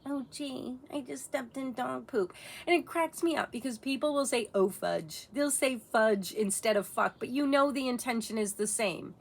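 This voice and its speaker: Blunt, swearing woman ranting on camera. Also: fairly high pitch. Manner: blunt, profane, impassioned. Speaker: vlogger. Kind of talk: casual monologue rant.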